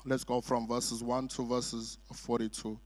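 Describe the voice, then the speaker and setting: A man's voice: mid-range voice, level tone, a little slow. A middle-aged man preaching as a guest in church, telling jokey stories with lots of "uh" fillers. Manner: chatty storytelling, jokey asides, many "uh" fillers. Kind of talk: sermon. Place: church sanctuary.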